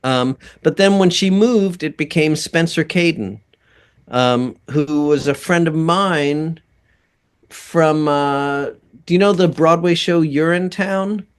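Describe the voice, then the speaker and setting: Male guest for a casual interview, unhurried and rambling, with a smooth, clear tone. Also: a little high. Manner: slow, rambling, laughs often. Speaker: guest composer and voice actor.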